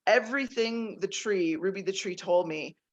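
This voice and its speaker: A woman guest on a casual interview, telling personal stories in an animated way and laughing often. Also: mid-range voice, normal speed, muffled recording. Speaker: guest author, nature intuitive.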